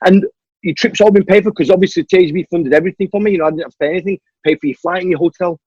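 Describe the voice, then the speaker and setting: A man tells his story fast and animatedly, acting out every exchange. His voice is husky and slightly high. The recording is dry and muffled. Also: no echo. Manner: animated storyteller who acts out the dialogue. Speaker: guest, stuntman and martial artist. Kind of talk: storytelling in a podcast interview. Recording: dull, dry lo-fi audio.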